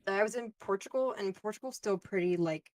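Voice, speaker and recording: A woman on a casual panel recounting a travel anecdote, hesitant with fillers and jumping up high when she quotes herself. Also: a little fast, no echo. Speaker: panel guest. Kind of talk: casual storytelling chat.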